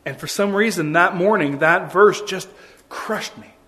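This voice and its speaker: A man's voice: sits high, a little slow, pushed and bright. A man preaching a sermon as a pastor, in a conversational way with many rhetorical questions.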